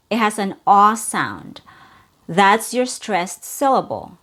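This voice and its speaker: A woman teaching English pronunciation, modeling each sound and repeating words carefully. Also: medium pitch. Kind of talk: slow, clear pronunciation lesson.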